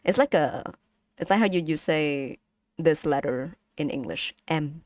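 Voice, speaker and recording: Slow, patient Vietnamese-accented woman. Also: deep voice, animated, darkish tone, no echo. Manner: patient, repeats sounds slowly for chat. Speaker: streamer teaching Vietnamese. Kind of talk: casual live-stream language lesson.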